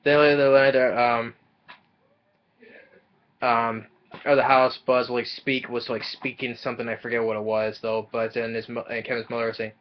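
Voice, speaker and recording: A man casually recapping a film plot, rambling and halting, with many fillers and restarts. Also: medium pitch, fairly even intonation, lo-fi sound. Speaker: movie reviewer.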